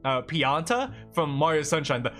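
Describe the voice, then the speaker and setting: A young man with a slightly high voice rambles in exasperation on a live stream, with plenty of fillers. His delivery is casual and heated. Faint music plays in the background. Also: very animated, moderate pace, a bit bright.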